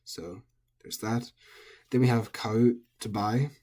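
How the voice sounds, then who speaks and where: A man with a husky, slightly low voice explains pronunciation rules in a loose, unscripted way. He thinks out loud, fills pauses with ums and often corrects himself mid-sentence. He sounds like a native English speaker teaching a lesson. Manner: relaxed, thinking aloud with frequent ums and self-corrections. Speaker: language teacher. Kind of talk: casual recorded lesson.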